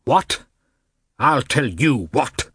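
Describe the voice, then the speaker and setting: Ranting old aristocrat father, loud and scornful, husky edge, dry sound, read by a man. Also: medium pitch, huge pitch swings, normal speed, no room sound, full character voice. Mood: angry. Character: irate elderly male prince, blustering father.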